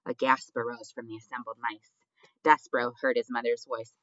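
A man narrating an audiobook in a measured, expressive storybook reading. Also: medium pitch, dry recording. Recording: dull dry lo-fi recording.

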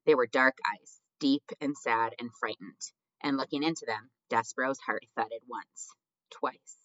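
A man narrating an audiobook in a measured, expressive storybook reading. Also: medium pitch, no echo. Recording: dull dry lo-fi recording.

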